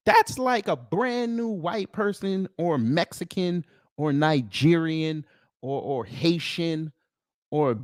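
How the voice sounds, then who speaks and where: Animated male host, slangy and scolding, lively pitch, dry close sound. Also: dry recording. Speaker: commentary channel host. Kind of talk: heated reaction commentary.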